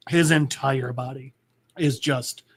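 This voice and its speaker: A man's voice: mid-range voice, steady tone, slow, slightly rough. A man hosting a podcast, casually retelling a comic book scene with many restarts and "like"s. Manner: rambling, full of "like" and restarts. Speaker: podcast host.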